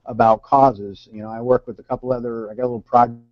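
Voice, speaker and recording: A man running an online team training session. He speaks earnestly and haltingly, restarting and repeating words as he goes. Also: mid-range voice, level tone. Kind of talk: live online training talk. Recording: dull, dry lo-fi call audio.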